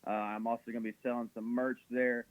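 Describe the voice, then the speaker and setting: A man's voice: medium pitch, flat delivery, fast talker, phone-quality sound. A man, a comedian guest on a radio talk show, telling rambling jokey stories. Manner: joking, rambling storyteller.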